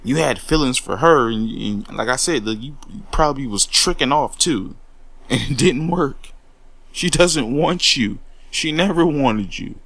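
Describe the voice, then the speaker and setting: A man's voice: mid-range voice, expressive, measured pace, fairly bright tone, no room sound. Fired-up man ranting, voice leaping around. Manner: confrontational, profane, repeats words when worked up. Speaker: commentary host. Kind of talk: heated monologue rant.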